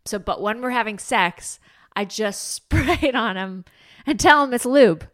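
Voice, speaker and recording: A woman's voice: on the high side, animated, a little slow. A woman co-hosting a podcast, joking playfully with the guest in casual chat. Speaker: podcast co-host.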